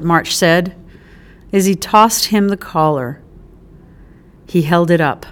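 A woman narrating an audiobook with an expressive, animated delivery. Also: lowish voice, slow pace.

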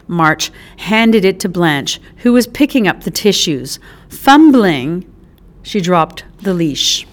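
A woman narrating an audiobook with an expressive, animated delivery. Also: lowish voice, slow.

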